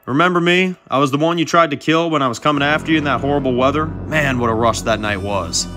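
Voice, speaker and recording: A man voicing a swaggering male mercenary with a mocking, drawling way of talking, pitched above his own voice. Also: fast, over music, lightly acted. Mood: taunting. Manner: drawling, mocking, calls people darling.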